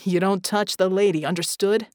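A woman voicing a wounded young man who talks quietly and firmly, pitched lower than her narration, in an audiobook. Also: fairly even intonation, moderate pace, dry recording, studio quality, natural voice. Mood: determined.

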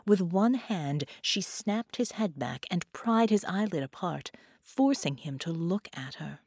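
A woman narrating an audiobook in a measured, unhurried reading. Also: fairly low pitch, lively intonation, a little mellow, dry recording, clean studio sound. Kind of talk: scripted narration.

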